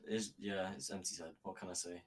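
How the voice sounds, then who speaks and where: A man's voice: low-pitched, little pitch movement, brisk. A man, a player in a post-match interview, giving brief and unsure answers.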